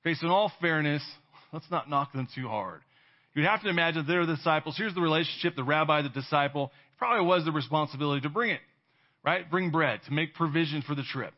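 On dull, lo-fi sermon audio, a pastor from California talks fast in a slightly high voice. His preaching is conversational, punctuated by frequent "right?" check-ins, occasional laughs and acted-out quoted voices.

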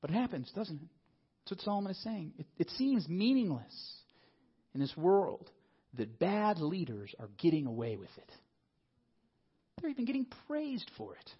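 A man preaching a sermon in a lively, conversational way, often asking the congregation questions. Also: on the high side, moderate pace, husky, lo-fi sound. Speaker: pastor.

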